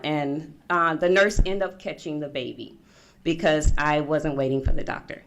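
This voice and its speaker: A woman's voice: deep voice, measured pace, background noise. A middle-aged woman speaking at a forum, telling a personal story to an audience and acting out the voices of the people in it. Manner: animated storyteller acting out past conversations. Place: conference room.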